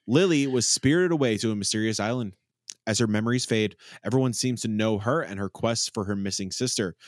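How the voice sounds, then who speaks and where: A man's voice: lowish voice, no echo, clean studio sound. A male podcast host chatting casually, reading game blurbs, joking and handing turns to co-hosts. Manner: upbeat, jokey, hands turns to co-hosts.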